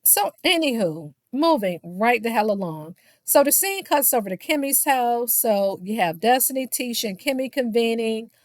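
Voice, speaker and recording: Sassy higher-voiced woman recapping gossip. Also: expressive, moderate pace, hardly any pauses, no echo, clean studio sound. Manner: sassy, shady asides, keeps saying "child"; mimics the people she quotes. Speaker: reality TV recap commentator.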